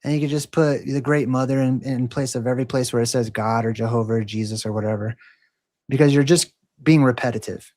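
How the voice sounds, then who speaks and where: A man's voice: mid-range voice, fairly even intonation, brisk, darkish tone. A man hosting a livestream, talking casually and mockingly challenging a troll in the chat. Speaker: livestream host.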